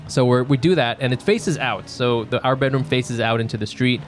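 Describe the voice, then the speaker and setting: A man co-hosting a podcast from a home bedroom, chatting casually and telling a story with lively, acted-out bits. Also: mid-range voice, fairly quick, faint music behind. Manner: animated storyteller who acts out his own yelling. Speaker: podcast co-host. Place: home bedroom used as a quiet room.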